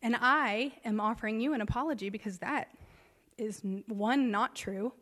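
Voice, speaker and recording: A woman in her thirties preaches and tells a personal story, rising from hushed to intense. Her voice sits a little high and rings out in a big hall with long reverb. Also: normal speed. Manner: personal storytelling, emotional swings. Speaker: pastor. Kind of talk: sermon.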